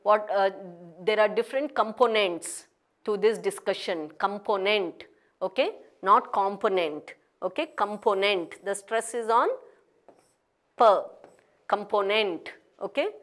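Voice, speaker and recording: Slow, deliberate woman teacher. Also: mid-range voice, fairly bright tone. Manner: spells words letter by letter, repeats words with deliberate emphasis. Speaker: English pronunciation teacher. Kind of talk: slow classroom pronunciation lesson.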